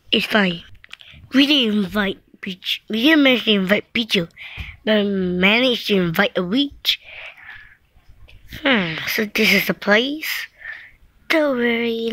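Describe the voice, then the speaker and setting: A woman's voice: fairly high pitch, a bit bright, no room sound. A woman improvising a playful story, acting out several characters with repeated words and meowing sounds. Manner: playful, switching between characters, many meows and repeated words. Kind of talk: improvised toy play storytelling.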